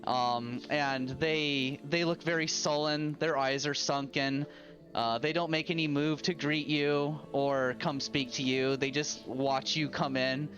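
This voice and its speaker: Man, game master narrating, slow pace, lo-fi sound, faint music behind. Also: a little high, little pitch movement, fairly bright tone. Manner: unhurried, with many fillers and restarts.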